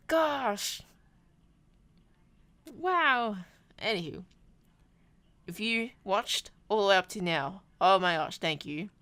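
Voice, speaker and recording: A woman's voice: lowish voice, sharp tone, clean tone, no echo. Rambly young woman vlogging. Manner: rambly, self-deprecating, lots of ums and restarts. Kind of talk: rambling travel vlog chat.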